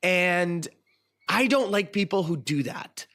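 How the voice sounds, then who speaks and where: A man's voice: sits high, animated, slow, bright, forceful tone. A man hosting a casual chat, giving strong opinions with frequent ums and restarts. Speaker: host.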